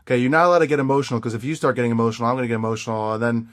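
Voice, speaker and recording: A man hosting a podcast interview, talking in a warmly encouraging and playful way, often repeating phrases. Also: medium pitch, fairly even intonation, rapid-fire. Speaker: podcast host. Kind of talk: casual interview chat.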